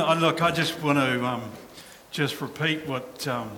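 A man's voice: a little high, unhurried, sharp tone, in a large hall, a little hiss or hum. A man pastor preaching and praying with a fervent, repetitive cadence. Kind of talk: sermon and prayer.

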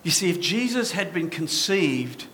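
A male pastor delivers a sermon with a bright, forceful voice pitched a little high. He preaches with passion, often asking the congregation questions. A faint hiss of noise sits behind him. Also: big pitch swings, a little slow. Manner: impassioned, rhetorical questions to the congregation.

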